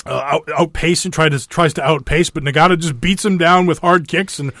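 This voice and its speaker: A man's voice: on the high side, steady tone, fairly quick, fairly bright tone, no echo, studio quality. A man co-hosting a podcast in casual chat, rambling through recaps with many restarts and fillers. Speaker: podcast co-host.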